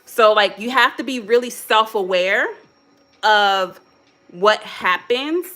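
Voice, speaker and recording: A woman with a mixed Philadelphia and Chicago accent talks straight to her live viewers, casual and candid. Her voice is bright and clear and sits at a middle pitch. She coaches them through calming down with quoted self-talk. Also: takes it slowly. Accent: American English, Philadelphia and Chicago mix. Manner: speaks straight to viewers as "y'all". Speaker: motivational host. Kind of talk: live-stream motivational talk.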